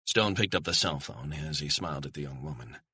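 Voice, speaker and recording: A man narrating a thriller audiobook in a measured, suspenseful reading. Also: very deep voice, bright, forceful tone, breathy edge, no echo.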